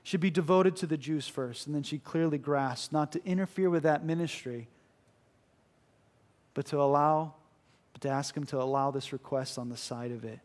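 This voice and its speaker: A man's voice: on the high side, moderate pace. A man preaching a sermon in an earnest, emphatic way, repeating key phrases for weight.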